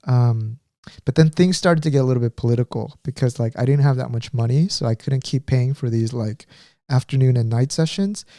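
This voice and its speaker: A man in his thirties rambles through a casual podcast story, full of fillers, restarts and trailing thoughts. His voice is dark and mellow. The sound is close and dry, with no room in it. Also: medium pitch, brisk, no echo. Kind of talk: casual chat.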